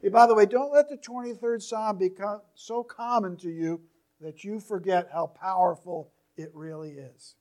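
A man preaching in a church with a notably high voice. He reads scripture slowly and forcefully, then lets his phrases fall away softly. The delivery is steady and earnest. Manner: reads scripture slowly and emphatically, drops to near-whispers at phrase ends. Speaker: pastor. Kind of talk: sermon.

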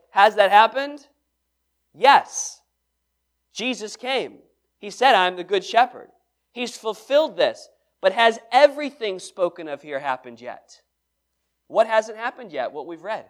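A man's voice: high-pitched, fairly bright tone. A man leading a Bible study sermon, reading scripture aloud and explaining it with questions to the room. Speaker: pastor.

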